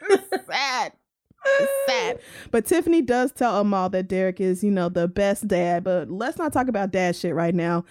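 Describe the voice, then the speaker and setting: A woman's voice: medium pitch, normal speed, few pauses, no echo, clean studio sound. A woman co-hosting a casual recap chat, profane and laughing often as she retells scenes. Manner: profane, laughing, animated storytelling. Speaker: podcast co-host.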